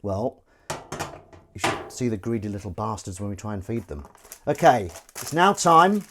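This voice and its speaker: Washing dishes on his live stream, this English man jokes and rambles with his viewers between tasks. His voice is fairly low and a bit bright, very animated, at normal speed, with a little hiss or hum in the audio.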